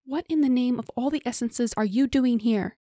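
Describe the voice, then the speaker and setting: A woman voicing a fiery young woman raised as a country hooligan, sharp and snarling. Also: a little high, moderate pace, no room sound, studio quality, pitched above the performer's own voice, lightly acted. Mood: outraged.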